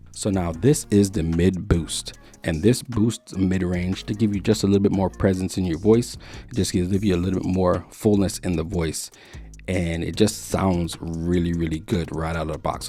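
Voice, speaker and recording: Casting note: deep-voiced man, relaxed tech reviewer, faint music underneath. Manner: relaxed, explanatory, repeats words while thinking. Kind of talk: casual product review. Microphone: studio microphones being compared.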